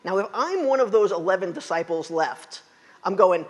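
A fairly high-voiced man preaching a sermon, retelling scripture and acting out its quotes. His voice has a husky edge. It carries a long reverb, as in a large hall. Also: moderate pace. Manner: animated storytelling, acting out quotes.

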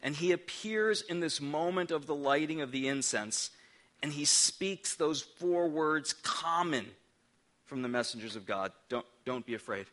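A man's voice: on the high side, animated, measured pace, fairly bright tone. A middle-aged man preaching a sermon as a pastor, earnest and emphatic, often restarting his words.

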